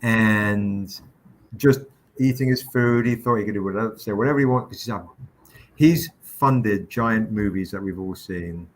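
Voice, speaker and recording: A man hosting a livestream, telling a story with lively quoted voices. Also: lowish voice, unhurried. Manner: animated anecdote with quoted voices. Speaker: comic publisher hosting a livestream. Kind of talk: casual storytelling chat.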